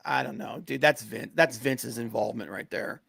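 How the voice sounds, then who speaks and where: Podcast co-host, gravelly male voice, rambling casual rants, full of ums and sudden excitement, dry close sound. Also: medium pitch, normal speed, dry recording. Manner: rambling, many fillers, gets excited and rants. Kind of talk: casual wrestling podcast chat.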